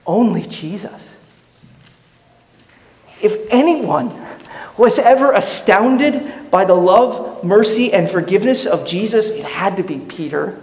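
A man's voice: sits high, expressive, measured pace, darkish tone. A man preaching a sermon as pastor, earnest and questioning, often restarting his words. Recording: echoey hall reverb.

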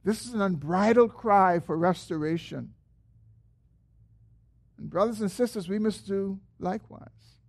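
Here a gravelly-voiced man preaches as a pastor. He speaks earnestly, raising his voice for a quoted prayer, then letting his phrases settle low and unhurried at their ends.

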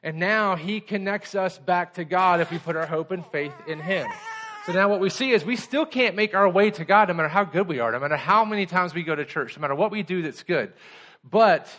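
A man's voice: a little high, animated, brisk, fairly bright tone. A middle-aged pastor giving a conversational sermon to children and adults, asking the kids simple questions as he goes.

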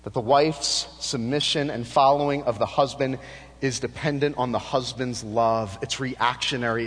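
A male pastor preaching a sermon, shifting between lifted emphatic lines and hushed, low passages. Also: husky, big-room sound.

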